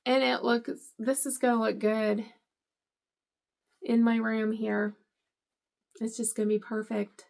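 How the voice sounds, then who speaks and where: A woman's voice: fairly high pitch, level tone, slow, vocal fry, long pauses, darkish tone. A middle-aged woman vlogger unboxing gifts, gushing and teary with emotion. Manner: gushing, emotional, tearful at times. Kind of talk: casual unboxing vlog.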